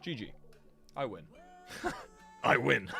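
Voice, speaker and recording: A man giving rambling, chatty commentary to his viewers while he plays a geography game, laughing often. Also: mid-range voice. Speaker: streamer.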